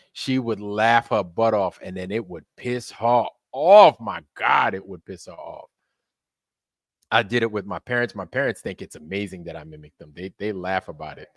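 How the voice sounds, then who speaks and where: A man's voice: fairly low pitch, fairly bright tone, dry recording, clean studio sound. A man hosting a live stream, chatting casually with his viewers in a laid-back, talkative way, laughing often. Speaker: livestream host.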